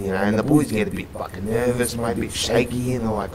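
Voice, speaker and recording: A man's voice: fairly low pitch, little pitch movement, fast, reverberant, a loud crowd, low-quality recording. A man playing a gang leader in a roleplay, rambling, swearing constantly and calling everyone mate. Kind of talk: in-character roleplay chat.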